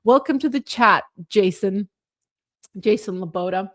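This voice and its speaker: Hosting a livestream, a Soviet woman speaks slowly in a fairly high voice, leaving long pauses. She reads viewer comments out loud and chats casually, packing in fillers and many "like"s while sounding earnest and rallying.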